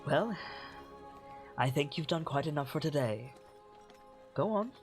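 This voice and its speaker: A man's voice: on the high side, animated, measured pace, faint music behind. A man voicing a kindly, fatherly male forge master who speaks in a courtly, doting way.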